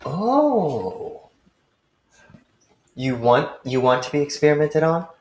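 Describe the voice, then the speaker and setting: A man's voice: a little high, sing-song, slow, darkish tone, roomy sound. A man voicing a dry, teasing female ship doctor in a tabletop game.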